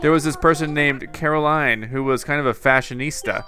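A cheerful, chatty bird villager from a video game, as a man puts the voice on. The voice sits raised and bright, with a quick, upbeat delivery. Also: a little high.

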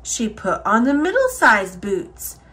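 Pitched on the high side, a female reader brings a children's picture book to life with an unhurried, expressive storytelling style.

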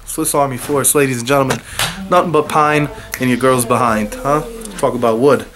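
A man reviewing colognes in a crude, taunting comedic rant, with a raspy, worn-out voice. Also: mid-range voice, steady tone, normal speed, crowd noise. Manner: profane, taunting, rhetorical "huh?"; raspy, losing his voice. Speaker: fragrance reviewer.

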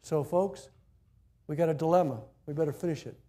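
A man preaching a sermon as pastor, telling stories animatedly and swinging between loud emphasis and quiet asides. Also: on the high side, brisk. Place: church.

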